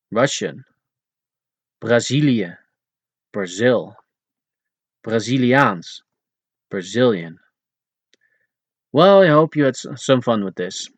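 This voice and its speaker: A man narrating his own audiobook language lesson, saying each word slowly and deliberately and then giving its English meaning. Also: medium pitch, dry recording.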